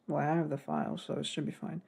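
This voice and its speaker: Talking fast, a young man rambles through casual devlog commentary on his game development work, self-deprecating and prone to sidetracks. His fairly high voice is creaky, husky, and darkish, with little pitch movement.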